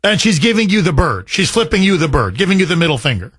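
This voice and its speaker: A man's voice: high-pitched, big pitch swings, fast talker, a bit bright, husky, no echo, clean studio sound. A male talk radio host, emphatic and sarcastic, taking calls from listeners. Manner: emphatic and sarcastic, mocks opponents with sing-song voices. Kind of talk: opinionated talk radio monologue.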